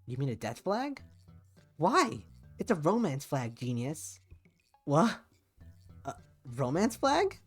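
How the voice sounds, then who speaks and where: A man's voice: a little high, huge pitch swings, takes it slowly, long pauses, fairly bright tone, husky, faint music behind, pitched above the performer's own voice, exaggerated voice. Man putting on a raised, snippy young woman's voice, sarcastic know-it-all, visual novel. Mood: exasperated. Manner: exasperated, sarcastic. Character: sharp-tongued young woman scientist.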